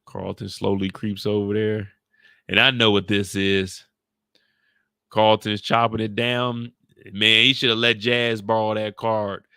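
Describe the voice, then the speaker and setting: A man recaps a TV episode in loose, slangy, joking commentary. His voice is bright and forward. It is recorded dry, with no room echo. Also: fairly low pitch, flat delivery, unhurried, clean tone. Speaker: YouTube show recapper. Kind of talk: casual reaction commentary.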